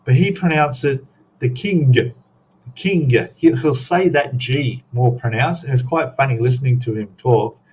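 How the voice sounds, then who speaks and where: A man's voice: medium pitch, normal speed, a little mellow, breathy edge. Chatty Australian man on a lo-fi stream. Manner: rambling, reads chat comments aloud with chuckles. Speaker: scale model live streamer. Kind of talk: casual live stream chat. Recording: dull lo-fi stream audio with faint noise.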